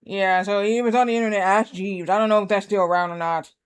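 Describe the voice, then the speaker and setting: A streamer talks casually while gaming, rambling through a story and restarting it many times. His voice is high and steady, quick-paced and clean.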